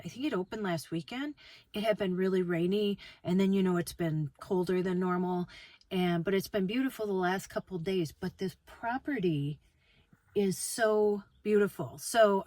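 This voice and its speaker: A woman's voice: mid-range voice, no room sound, rough recording. Chatty woman in her sixties vlogging. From Minnesota. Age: 60s. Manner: rambling, relaxed, many fillers. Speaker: travel vlogger. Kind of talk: casual chatty vlog. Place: inside a car on a road trip. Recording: road and engine noise behind.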